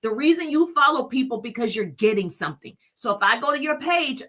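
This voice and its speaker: A woman's voice: high-pitched, expressive, fairly quick, fairly bright tone. A middle-aged woman business coach hosting a live stream from her phone, energetically hyping viewers by name and teaching.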